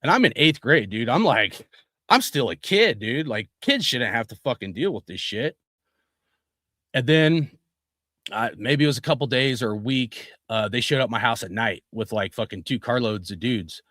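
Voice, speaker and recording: A young man at an average pitch tells a story from his own life in loose, casual talk. He swears constantly and fills his sentences with "dude" and "like." The recording is close and dry, with no room sound. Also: animated, moderate pace, bright, forceful tone, no echo. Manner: profane, rambling, says "dude" and "like" a lot.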